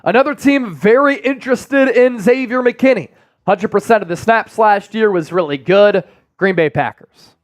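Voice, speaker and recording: A man's voice: high voice, moderate pace, no echo, clean studio sound. A man hosting a live sports stream, reading sponsor copy and viewer super chats with energy. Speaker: sports show host.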